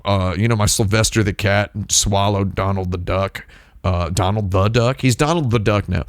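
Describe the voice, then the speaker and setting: Rambling man with a low dry voice. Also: normal speed, no room sound. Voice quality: rambling and digressive, with frequent restarts. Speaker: livestream host. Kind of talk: casual chat on a live stream.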